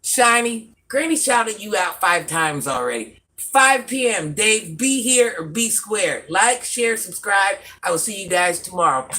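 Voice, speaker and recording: A woman's voice: medium pitch, lively intonation, a little slow, hardly any pauses, pushed and bright. A woman in her forties hosting a live stream, affectionately repeating herself and calling herself Granny as she chats with viewers. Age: 40s. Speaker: livestream host.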